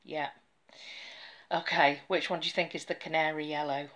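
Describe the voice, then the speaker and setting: Chatty woman, low voice. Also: little pitch movement, normal speed. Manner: chatty, rambling, with soft whispered asides. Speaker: nail polish vlogger. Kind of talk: casual chat to camera.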